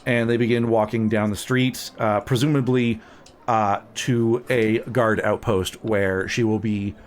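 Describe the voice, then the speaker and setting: A man narrating a tabletop game as game master, relaxed and hesitant, with many fillers. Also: on the low side, measured pace, slight background noise.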